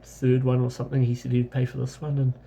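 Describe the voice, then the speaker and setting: A man's voice: mid-range voice, completely flat delivery, quick pace, creaky, dark tone, slightly rough. A man from New Zealand with a New Zealand accent, telling a casual travel story in a rambling way, correcting himself as he goes. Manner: rambling anecdotal, with many self-corrections and fillers. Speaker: travel vlogger.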